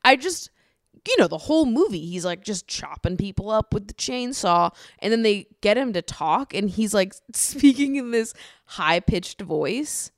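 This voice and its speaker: A woman's voice: medium pitch, very animated, normal speed, dry recording, studio quality. A woman hosting a podcast, rambling in a casual, chatty way, swearing freely and laughing often. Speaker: podcast host.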